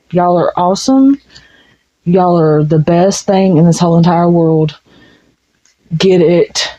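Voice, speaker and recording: A woman's voice: on the low side, a little slow, mellow. A woman giving a casual tarot reading, blunt and frank, swearing freely. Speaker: tarot reader. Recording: dull lo-fi sound.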